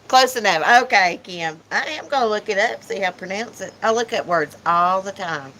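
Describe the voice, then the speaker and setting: A woman's voice: mid-range voice, normal speed, hardly any pauses, sharp tone, a little hiss or hum, rough recording. Chatty woman on a porch. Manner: chatty, teasing, reads chat aloud. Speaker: channel host. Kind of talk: casual livestream chat. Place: porch outdoors.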